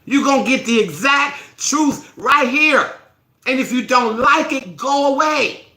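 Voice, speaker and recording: Furious high-voiced woman ranting on live. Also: expressive, measured pace, reverberant, low-quality recording. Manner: profane, scolding, forceful. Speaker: host of a self-help live stream challenge. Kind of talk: angry live-stream rant.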